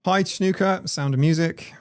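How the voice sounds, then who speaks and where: A man's voice: on the high side, moderate pace, clean tone, soft background music. A man, hosting a casual livestream and reading out viewers' comments in a chatty, playful way. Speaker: livestream host.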